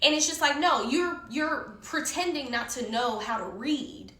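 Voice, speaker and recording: A woman's voice: high-pitched, expressive, a little slow, fairly bright tone. Heated, profane woman telling a story. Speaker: guest storyteller. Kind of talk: casual storytelling. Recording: echoey room.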